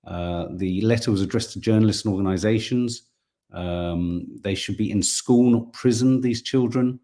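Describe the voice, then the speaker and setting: A middle-aged man with a lowish, dark-toned voice and moderate pace co-hosts a casual live stream. He chats and reads viewer comments, thinking aloud and frequently restarting.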